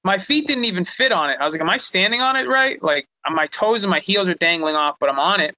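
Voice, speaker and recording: A young man with a high, bright voice tells a fight story in loose, animated chat, peppering it with "like" and curse words. The sound is dry and close, with no room around it. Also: fast talker, no room sound, rough recording. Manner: animated, frequent "like" fillers, profane. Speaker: guest, fighter. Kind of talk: casual storytelling.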